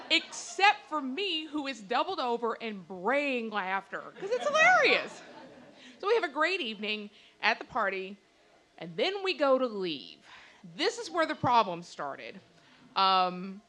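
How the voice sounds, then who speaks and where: On stage before a live audience, a woman tells a personal story, animated and acting out the lines she quotes. Her voice is a little high.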